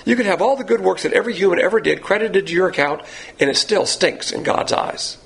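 A man's voice: sits high, expressive, quick pace, creaky, fairly bright tone. A man teaching a Bible lesson in a blunt, lecturing sermon style, pointing to words he has written up. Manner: blunt, lecturing, uses a board.

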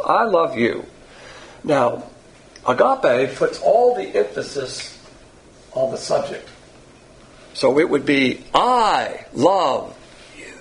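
Male Bible teacher, blunt lecturing delivery, gravelly and animated, slightly high-pitched. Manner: blunt, lecturing, uses a board. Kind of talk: sermon-style Bible lesson.

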